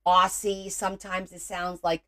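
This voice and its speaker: A woman's voice: fairly low pitch, flat delivery, unhurried, sharp tone. A middle-aged woman hosting a casual crafting livestream, chatting and teasing viewers as she works and greeting them by name.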